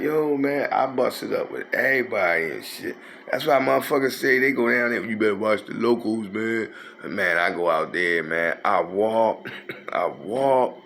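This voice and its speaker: A man's voice: mid-range voice, a bit bright, a little hiss or hum. A man, telling a rambling, profane street story in a casual way. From North Philadelphia. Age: 50s.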